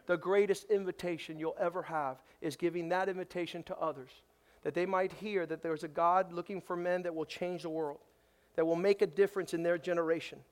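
A male pastor preaching a sermon, emphatic, swinging between loud declarations and hushed, low passages.

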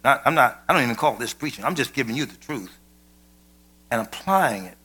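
A man preaching a sermon with emphasis, rising to shouted peaks and dropping to low, quiet asides. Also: animated, a little fast, breathy edge.

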